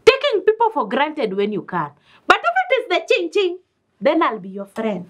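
Brief: a sarcastic young woman, very high animated voice. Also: moderate pace. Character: sharp-tongued young woman, money-minded.

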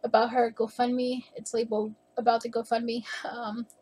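Chatty husky-voiced young woman. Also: fairly high pitch, level tone, moderate pace, a little mellow. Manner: chatty, rambling, opinionated. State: a bit out of breath. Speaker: youtuber reacting to a video. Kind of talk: casual chat reaction commentary. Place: at home with her cat.

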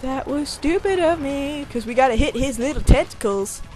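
Excitable, rambling let's play commentator. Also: sits high, normal speed, soft background music. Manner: rambling, excitable, shrieks and whines at setbacks. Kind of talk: casual gameplay commentary.

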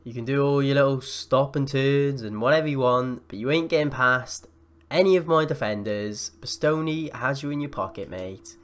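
A young man giving excitable live commentary over his own football video game matches, gasping and shouting at the plays. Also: mid-range voice, normal speed. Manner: excitable, yells and gasps at plays. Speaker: gaming YouTuber.

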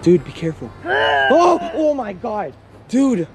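A man's voice: high-pitched, animated, brisk, loud music behind the voice. A man filming a panicked prank vlog outdoors by a car, repeating words in fright. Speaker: vlogger.

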